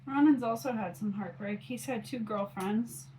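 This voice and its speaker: This clip features a mom vlogger, a woman in her forties, talking casually to her phone camera as she does her makeup and rambling with lots of fillers. She speaks at a normal speed in a somewhat high voice over a noisy background.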